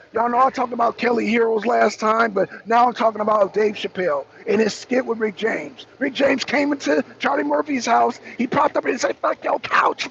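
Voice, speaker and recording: A man's voice: very high voice, gravelly, muffled recording, slight background noise. A man hosting a livestream talk show, ranting angrily with lots of profanity. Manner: angry, profane, animated. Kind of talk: heated political rant on a livestream.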